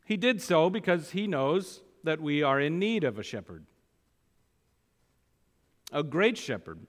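Male preacher, fairly high voice, emphatic and repetitive, long church reverb. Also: big pitch swings, measured pace. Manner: emphatic, repeats key phrases for weight; reads scripture aloud with rising force. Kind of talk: sermon.

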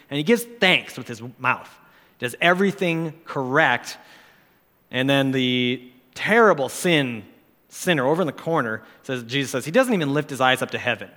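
A man's voice: medium pitch, unhurried, sharp tone. A man preaching a sermon in an earnest, pleading, conversational way, correcting himself as he goes. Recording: long hall reverb.

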